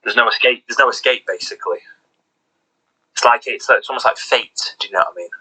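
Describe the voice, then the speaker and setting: Husky, bright-voiced young man chatting. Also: mid-range voice, a little fast, low-quality recording. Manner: enthusiastic, rambling, lots of fillers like "do you know what I mean". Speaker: podcast co-host. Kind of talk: casual podcast chat.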